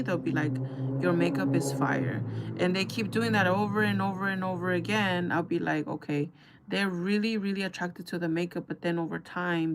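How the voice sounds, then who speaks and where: Young woman, casual vlog chat, gossipy and chatty, fairly low voice, faint hiss behind. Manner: chatty, gossipy, addresses viewers as girl and guys. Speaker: beauty vlogger. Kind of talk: casual chat while doing makeup.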